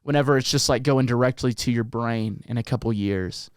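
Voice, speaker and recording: A man's voice: medium pitch, fairly quick, clean tone, no room sound, clean studio sound. A man hosting a podcast, talking casually and slangily, calling his guest dude and bro. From United States. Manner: laid-back slangy, says dude and bro. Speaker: podcast host.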